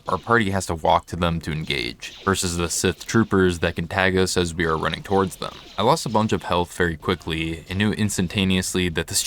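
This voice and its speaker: A man's voice: low-pitched, a bit bright. A man hosting a gaming channel, reading scripted gameplay narration in a casual, wry way with light chuckles.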